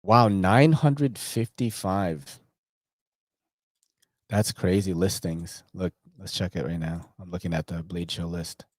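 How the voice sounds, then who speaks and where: A man's voice: low-pitched, slow, dry recording, studio quality. A man vlogging about knives in a rambling casual chat, full of slang and frequent swearing. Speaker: knife vlogger.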